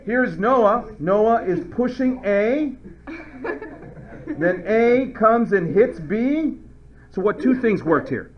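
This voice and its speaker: A male chemistry teacher lectures with a high-pitched, very animated voice, swinging up and down as he jokes with the class. The lo-fi recording sounds dull and muffled. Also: slow. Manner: playful, joking, acts out little skits.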